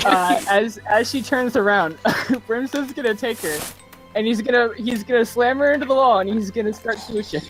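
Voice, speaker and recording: A woman player in a tabletop game, describing her character's moves deliberately with amused laughs. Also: fairly high pitch, music in the background. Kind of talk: casual tabletop play.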